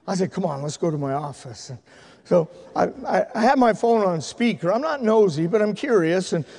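A male pastor telling stories in a sermon, swinging from loud, excited shouting to hushed, tender speech. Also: high-pitched, moderate pace, big-room sound. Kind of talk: sermon storytelling. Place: church sanctuary.

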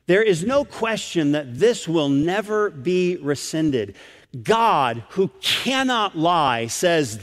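A man's voice: fairly high pitch, sing-song, a little slow, fairly bright tone. A man preaching a sermon to a congregation, with emphatic stress and acted-out quotations. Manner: emphatic, repeats words for stress, acts out quoted lines. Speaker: pastor. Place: church sanctuary with congregation. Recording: long reverb of a church hall.

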